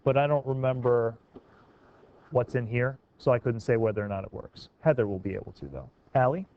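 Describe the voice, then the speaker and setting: A man's voice: mid-range voice, brisk, gravelly. Man teaching a classroom, dull recording. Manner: encouraging, questioning students by name.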